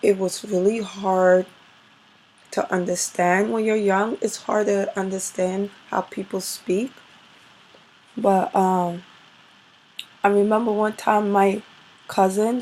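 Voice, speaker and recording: Woman, mixed New York-Caribbean accent, casual vlog chat, rambling with fillers, unhurried. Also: mid-range voice, a little mellow, rough recording. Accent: mix of New York, Caribbean, British and Canadian. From Brooklyn, New York. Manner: rambling, with many fillers and restarts. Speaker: vlogger.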